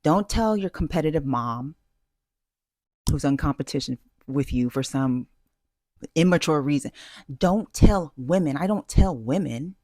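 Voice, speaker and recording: A woman's voice: deep voice, animated, unhurried, pauses often, warm tone, no echo, clean studio sound. A woman vlogger giving dating advice in a casual, self-assured way, emphatic and full of fillers and restarts. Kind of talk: casual talking-head advice.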